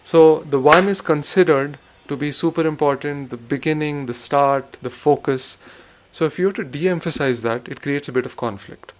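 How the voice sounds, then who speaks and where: A man's voice: a little high, normal speed. A man giving a spoken music lesson, patiently explaining rhythm cycles and chanting rhythm syllables aloud. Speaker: rhythm teacher.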